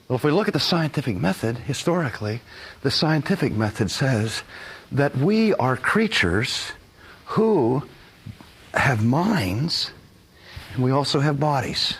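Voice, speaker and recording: An older man giving a recorded lecture, animated and fond of acting out his examples in voices. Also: mid-range voice. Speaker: teacher.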